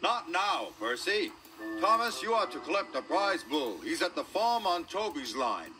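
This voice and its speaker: A man's voice: high-pitched, big pitch swings, a little slow, music in the background. A man voicing a stern, busy male railway boss who speaks curtly.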